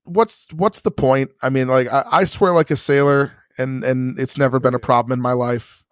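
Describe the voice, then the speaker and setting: A man's voice: mid-range voice, fairly even intonation, moderate pace, no echo, clean studio sound. Blunt, foul-mouthed podcast man. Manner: frank, profane storytelling. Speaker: podcast co-host. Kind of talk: casual podcast chat.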